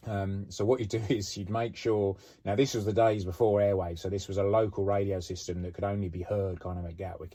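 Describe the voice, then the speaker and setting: Low husky man telling stories. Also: dark tone. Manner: chatty, frequent "you know" and "um". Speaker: former police officer telling stories. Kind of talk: casual anecdotal storytelling.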